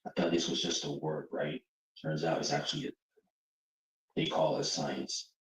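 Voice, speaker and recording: A man's voice: a bass voice, level tone, moderate pace, fairly bright tone, echoey room, far from the mic, poor audio. A man talking offhandedly in a played video clip, with a casual, hesitant manner.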